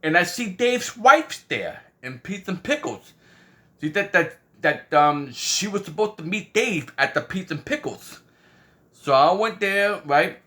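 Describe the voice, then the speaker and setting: With a high-pitched, bright and forceful voice, a man tells a meandering story at a measured pace, expressive throughout. He keeps saying "you know what I mean" and performs the quoted voices of others, like a casual storyteller.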